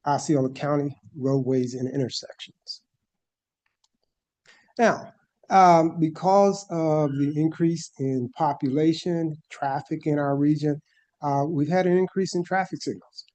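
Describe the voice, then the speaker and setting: A man with a fairly high, mellow voice presents to a board meeting. He talks in a methodical way and walks through each slide in turn.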